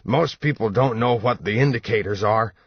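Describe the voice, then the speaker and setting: A man's voice: on the low side, normal speed, husky, dry recording, pitched above the performer's own voice. A man voicing a sick, desperate young man who pleads urgently, in a dull lo-fi audiobook recording. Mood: pleading. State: weak and unwell.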